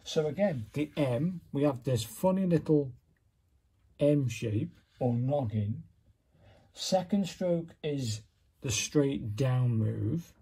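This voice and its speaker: Man, unhurried and raspy, casual self-critical hobby demo narration. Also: mid-range voice, animated, mellow. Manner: self-critical, chatty, narrates while working. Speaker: calligraphy hobbyist demonstrating. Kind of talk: casual step-by-step demonstration.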